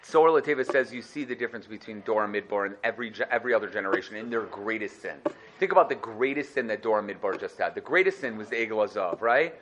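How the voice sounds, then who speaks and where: A man teaching a lively Torah lesson, animated and acting out little scenes. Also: lowish voice, fast, background noise. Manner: animated, acts out dialogue.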